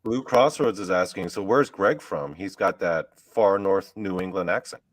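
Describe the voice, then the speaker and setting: A man's voice: deep voice, normal speed. A man hosting a live stream, playfully reading out viewer comments over a video call. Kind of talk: casual live-stream chat.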